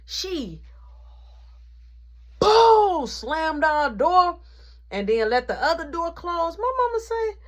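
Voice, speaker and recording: A woman tells a storytime vlog in a slangy, animated way. Her voice sits high and jumps all over the place as she builds the story. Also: takes it slowly, pauses often. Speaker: vlogger.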